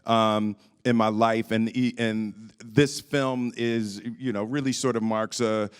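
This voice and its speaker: A man in his fifties answering questions at a press conference, moving from reflective talk to animated storytelling. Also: fairly low pitch, slow, clean tone. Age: 50s. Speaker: lead actor at a press conference.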